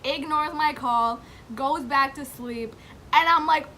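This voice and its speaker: A woman vlogger tells a rambling storytime tale with lots of swearing and frequent laughter. Her voice sits high and sounds bright and sharp. There is a faint hum of noise under the recording. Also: slow pace. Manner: animated, profane, laughing often, heavy use of "like". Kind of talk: casual storytime.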